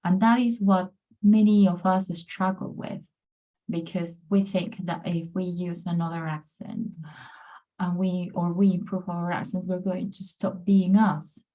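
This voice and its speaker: A woman's voice: lowish voice, fairly even intonation, unhurried, dark tone. A woman from Peru, presenting a pronunciation workshop over a video call in an upbeat, encouraging way. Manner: upbeat, encouraging, often says amazing and brilliant. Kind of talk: online presentation.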